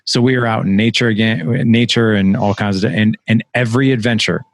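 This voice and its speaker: A man hosting a podcast, speaking in a relaxed, reflective conversational way with frequent fillers. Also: fairly low pitch, brisk, gravelly. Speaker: podcast host. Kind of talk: conversational interview.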